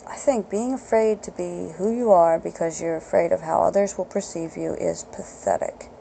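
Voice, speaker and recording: Woman ranting on her podcast, swears a lot, gravelly low-key dark voice, bit of hiss behind. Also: fairly even intonation, normal speed, rough recording. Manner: profane, blunt, ranting. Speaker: podcast host. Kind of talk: unscripted solo rant.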